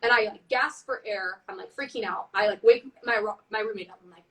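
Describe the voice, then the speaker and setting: A woman telling a spooky story in casual chat on a live stream, animated and full of "like", acting out what people said. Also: medium pitch, a little fast, distant mic, poor audio. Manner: animated, heavy use of "like", acts out quotes. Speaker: band member on a live stream.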